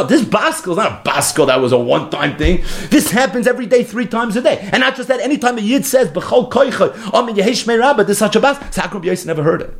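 A man teaching a Talmud lesson as a story, acting out the quoted speech and mixing Hebrew and Yiddish terms into his English. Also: high voice. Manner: lively storyteller who acts out quoted speech. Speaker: Torah teacher.

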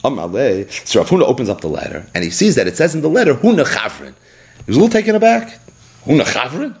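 A man's voice: medium pitch, very animated, fast, a little mellow. A man teaching a daily Talmud lesson. He reads the Aramaic text line by line, explains it in English, and acts out the rabbis' exchanges expressively.

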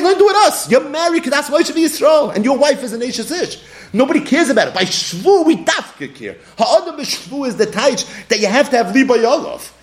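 A man with a Yeshiva English accent teaching a Talmud class, animated and acting out little scenes in different voices. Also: on the high side.

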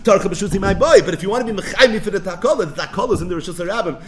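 Lively high-voiced man teaching Talmud. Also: rapid-fire, crowd noise. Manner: lively, asks and answers his own questions. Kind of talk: animated Talmud lecture.

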